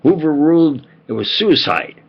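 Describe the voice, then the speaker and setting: A man's voice: fairly high pitch, expressive, normal speed, slightly rough. An older man telling a meandering personal story, full of fillers and restarts. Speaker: vlogger. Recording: dull lo-fi home recording.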